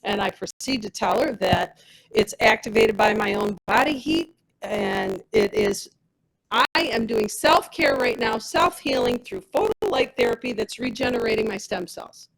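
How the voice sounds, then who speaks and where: A woman with a gravelly, husky voice tells her personal story as a product rep. Her pitch swings widely as she acts out every exchange, keeping a lively storyteller's energy throughout. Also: unhurried, low-quality recording. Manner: animated, reenacts dialogue with others. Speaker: testimonial speaker, product rep.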